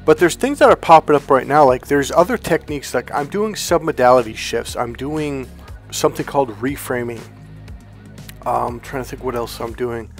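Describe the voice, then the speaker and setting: A man hosting his own channel as a self-help coach, talking to camera in a relaxed, rambling way that keeps checking in with "okay?". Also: medium pitch, normal speed, faint music behind. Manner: rambling and conversational, with restarts and "okay?" check-ins; calm, relaxed, comfortable delivery. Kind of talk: casual direct-to-camera talk.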